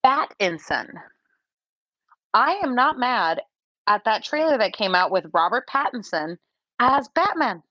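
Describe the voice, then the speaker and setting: A woman in casual chat as a podcast co-host. She has a wry, teasing manner and a mid-pitched voice. The sound is dry and slightly dull. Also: very animated, unhurried, pauses often, bright, forceful tone, dry recording.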